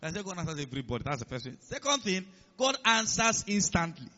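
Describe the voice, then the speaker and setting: A man's voice: high voice, very animated, fast talker, pushed and bright, muffled recording. A man preaching a sermon, emphatic, quoting scripture and calling on the congregation to follow along. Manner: emphatic, calls on the congregation to respond.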